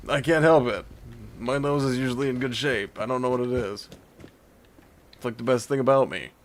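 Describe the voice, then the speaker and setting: A man's voice: mid-range voice, moderate pace, pauses often. Profane, rambling man playing a game. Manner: rambling, profane self-talk with joking asides. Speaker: gameplay streamer. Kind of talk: casual let's-play commentary. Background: game music.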